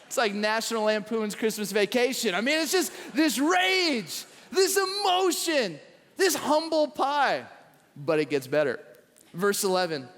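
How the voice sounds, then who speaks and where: High-voiced man pastor, lively storytelling sermon, recorded in a reverberant church auditorium. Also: normal speed. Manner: animated storytelling with acted quotes. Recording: echoey large hall.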